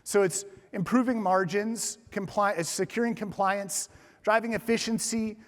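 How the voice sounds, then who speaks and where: High-voiced man giving a keynote in a hall. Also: fairly even intonation, moderate pace. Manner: casual, joking, many fillers. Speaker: keynote speaker. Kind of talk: conference keynote talk. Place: large conference hall.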